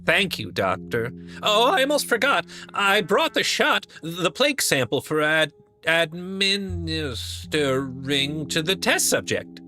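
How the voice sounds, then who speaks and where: A man voicing a nervous, apologetic young male assistant in a video game, high and rushed. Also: sing-song, pushed and bright, soft background music, heavily acted. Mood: anxious.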